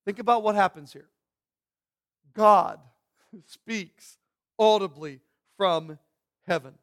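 A man preaching a sermon, swinging from hushed, almost whispered lines to loud, emphatic bursts. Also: sits high, slow. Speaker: pastor.

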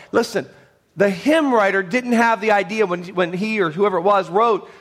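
A male pastor preaching a sermon. He is emphatic and swings from loud, high declarations to hushed, low tones. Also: normal speed.

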